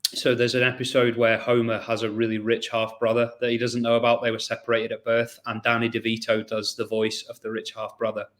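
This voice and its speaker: A man's voice: mid-range voice, monotone, brisk, a bit bright. A man hosting a podcast in a casual, chatty way, often restarting and repeating words. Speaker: podcast host.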